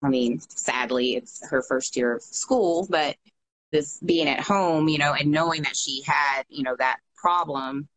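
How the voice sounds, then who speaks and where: A woman's voice: low voice, measured pace, fairly bright tone, rough recording. A woman in her thirties chatting casually, exclaiming often and filling her talk with "you know". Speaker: guest. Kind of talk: casual chat.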